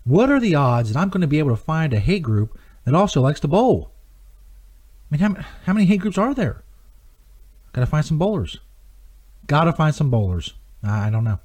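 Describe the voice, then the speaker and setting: A man's voice: a little high, big pitch swings, fairly quick, pauses often, a little mellow, husky. A man hosting a comedy radio show, rambling on in an emphatic, profane way. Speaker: host.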